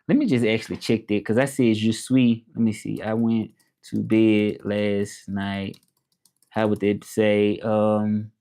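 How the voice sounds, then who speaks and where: A man from Memphis, hosting a casual live chat and repeating his phrases slowly as he thinks them over. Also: on the low side, a little mellow. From Memphis, Tennessee, USA. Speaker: livestream host.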